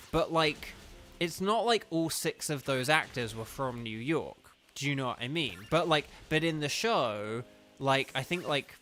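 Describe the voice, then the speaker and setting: Southern English man, young adult, bright voice, chatty rambling livestream talk, "like" everywhere, faint music behind. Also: medium pitch. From southern England. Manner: rambling, chatty, heavy use of "like". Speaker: game streamer. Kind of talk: casual livestream chat.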